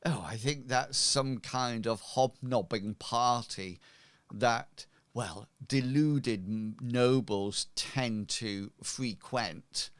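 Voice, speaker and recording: A man's voice: medium pitch, very slow, fairly bright tone. A man voicing a haughty male merchant who answers questions in a scoffing, aloof way. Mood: dismissive.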